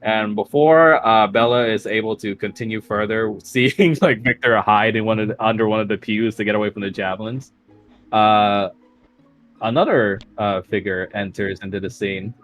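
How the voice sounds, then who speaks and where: A man's voice: on the low side, moderate pace, fairly bright tone, soft background music, rough recording. A man narrating a tabletop game as game master, casual and full of fillers.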